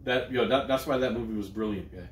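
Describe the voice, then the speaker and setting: A man's voice: mid-range voice, fast talker, roomy sound, a little hiss or hum. A man co-hosting a casual podcast chat. He jokes a lot, swears freely and often restarts his sentences. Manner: loose, profane, jokey, with many restarts. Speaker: podcast co-host.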